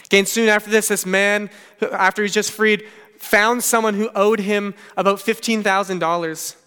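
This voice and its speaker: A man's voice: high-pitched, steady tone, normal speed, bright, forceful tone, clear, resonant tone, big-room sound. A man preaching a sermon in an earnest manner, retelling scripture in his own casual words with frequent "okay" asides. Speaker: pastor.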